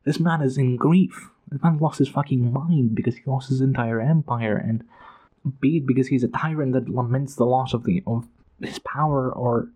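A man's voice: mid-range voice, dark tone, breathy edge. A man giving an emphatic, profane, passionate casual analysis of a book. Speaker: book commentator.

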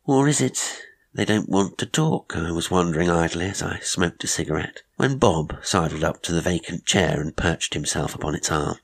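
A man narrating an old ghost story in a measured, reflective way. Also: low-pitched, gravelly, husky. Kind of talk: audiobook narration.

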